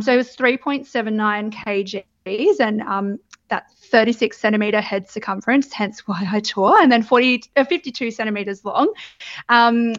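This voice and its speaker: A woman's voice: fairly high pitch, fairly bright tone. A young adult woman, candidly telling her birth story in casual chat, laughing often and swearing freely. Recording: dull lo-fi sound.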